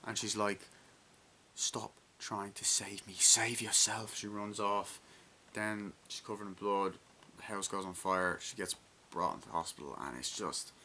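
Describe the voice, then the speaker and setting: A man with a lowish but bright, forceful voice talks through a film review in a loose, excitable ramble. He swears freely and leans on fillers. A faint hiss sits under his voice. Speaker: movie reviewer. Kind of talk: casual spoken film review.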